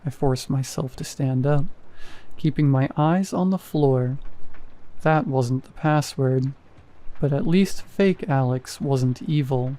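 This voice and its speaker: A man reading a first-person horror story in a measured, even storytelling manner. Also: mid-range voice. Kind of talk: scripted horror narration.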